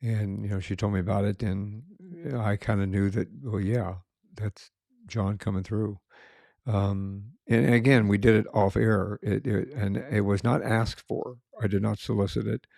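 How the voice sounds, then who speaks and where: A man's voice: fairly low pitch, moderate pace, vocal fry, hardly any pauses, darkish tone, no room sound, studio quality. A man co-hosting a podcast after-show, talking in a loose, rambling way with lots of fillers. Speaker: podcast co-host. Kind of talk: casual after-show chat.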